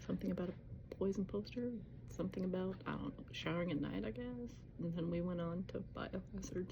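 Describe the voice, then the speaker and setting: Chatty woman vlogger, lowish voice, lo-fi phone audio over car noise. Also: brisk, creaky. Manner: chatty, scattered, self-interrupting. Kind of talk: rambling casual vlog.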